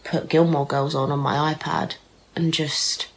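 A woman's voice: low voice, flat delivery, a little slow, slight background noise, rough recording. A young British woman chatting casually to camera as a vlogger. She sounds nasal from a blocked nose and talks in a frank, rambling way, with many ums and some swearing. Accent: British English.

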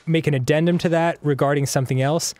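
A man co-hosting a casual gaming show, joking loudly and laughing often. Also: fairly high pitch, steady tone, fast talker, dry recording. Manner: goofy, laughs loudly, jokey voices. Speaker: co-host. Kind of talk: casual banter while gaming.

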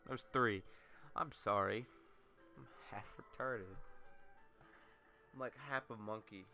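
Low-voiced guy doing a let's play, rambling crude self-mocking jokes, faint music behind. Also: slow pace, gravelly, bright, forceful tone.

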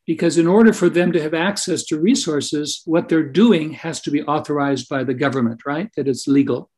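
Earnest older man telling stories, slightly higher voice. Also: normal speed, a little mellow, breathy edge. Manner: earnest anecdotal storyteller with frequent "right?" tag questions. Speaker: podcast guest, Christian minister. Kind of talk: storytelling interview.

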